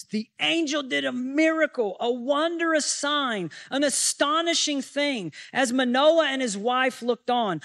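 Man, pastor, high-pitched, preaching, asks rhetorical questions, dry recording. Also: no room sound. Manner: animated Bible teaching with rhetorical questions. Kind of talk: sermon.

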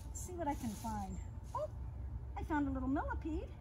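A woman leading an outdoor lesson for young children, talking gently in a sing-song way, as if to friends. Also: sits high, huge pitch swings, brisk, noisy background. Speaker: early years educator. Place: outdoors in a yard and woods.

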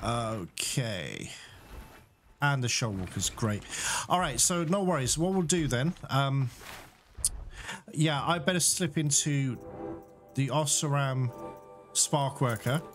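With a mid-range voice and lively intonation, a male gaming YouTuber talks slowly through a let's-play, pausing often. His commentary is chatty, with frequent laughter and exasperated outbursts at the game. Game music runs in the background.

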